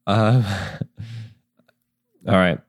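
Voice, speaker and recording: Low, slow-talking male dungeon master. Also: no room sound, studio quality. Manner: rambling, many ums, laughs at himself. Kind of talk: running a tabletop game, casual.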